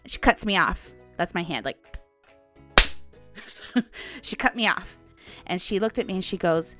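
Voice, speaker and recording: A woman in her forties tells a rambling story on her podcast, laughing between lines and acting out what people said. Her voice swings up and down constantly. Soft music plays faintly behind her. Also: lowish voice, a little slow, pauses often. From United States. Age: 40s. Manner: animated, chatty, laughs often, acts out quotes. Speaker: podcast host. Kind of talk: casual storytelling monologue.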